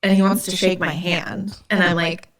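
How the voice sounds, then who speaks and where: A woman podcast host from Indiana tells stories in a loose, chatty way. She sprinkles "like" through her sentences. Her voice sits a little low for a woman. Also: steady tone, moderate pace, a bit bright. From Indiana, USA. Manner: chatty, lots of "like" fillers. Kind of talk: casual storytelling chat.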